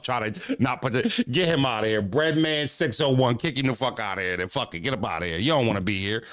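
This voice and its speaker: Animated streamer man, dry close mic. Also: fairly low pitch, smooth, dry recording. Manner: animated, profane street slang, talks back to chat. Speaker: streamer reacting to chat. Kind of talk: casual livestream talk.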